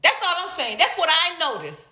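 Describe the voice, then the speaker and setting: A woman from Atlanta, a stand-up comedian, chatting on a vlog in an animated, playful way with drawn-out teasing repeats. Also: very high voice, reverberant. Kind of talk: casual vlog reading viewer comments.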